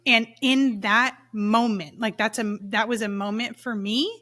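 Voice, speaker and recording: A woman in her thirties hosts a casual podcast chat in a bright, forward voice. She affirms her guest often and shares her own story frankly. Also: fairly high pitch, steady tone. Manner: warm, affirming, quick to agree and laugh. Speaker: podcast host.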